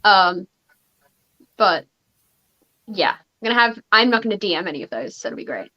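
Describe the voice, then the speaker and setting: A woman's voice: medium pitch, sing-song, moderate pace, lo-fi sound. A young woman hosting a casual livestream chat, talking about running tabletop games with lots of fillers and restarts. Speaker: podcast host and game master.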